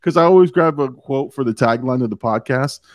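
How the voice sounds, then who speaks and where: In a mid-range voice at a fairly quick clip, a male podcast host talks casually through a movie review, laughing a lot and reading quotes aloud.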